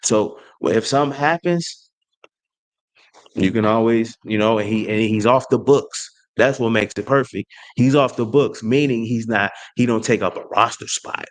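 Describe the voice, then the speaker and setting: A man hosting his own sports channel, trash-talking a rival team in an animated rant full of slang and restarts. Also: medium pitch. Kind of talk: fan rant to camera.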